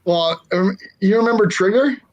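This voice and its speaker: A man with a fairly high voice hosts a casual podcast, easing into a story with pauses filled with "uh". His delivery is relaxed and chatty. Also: background noise. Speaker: podcast host. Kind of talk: casual chat.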